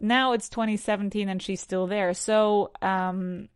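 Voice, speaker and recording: A woman's voice: mid-range voice, steady tone, measured pace, clear, resonant tone, no room sound, clean studio sound. A woman with a Spanish accent teaching English on a podcast, asking numbered questions and answering them in full sentences.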